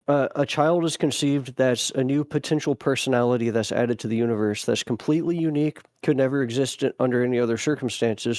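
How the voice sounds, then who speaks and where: A man's voice: mid-range voice, darkish tone, no room sound. Man reflecting thoughtfully in a dry, close sound. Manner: thoughtful, reflective, speaks in analogies. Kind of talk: reflective podcast conversation.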